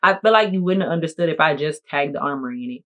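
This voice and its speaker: A woman content creator chatting casually to camera in a playful, jokey, animated way. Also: low voice, fast, muffled recording. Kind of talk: casual vlog talk to camera.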